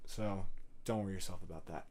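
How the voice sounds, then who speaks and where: A man's voice: low voice, steady tone, a little fast, dark tone. Young male podcast host, solo monologue; earnest, rambling, profane, filler-heavy. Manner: earnest rambling pep talk with frequent swearing and fillers.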